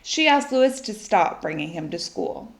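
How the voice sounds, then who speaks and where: A woman reading a children's story aloud in an expressive, lively way. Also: lowish voice, moderate pace. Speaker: storybook reader. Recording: echoey room.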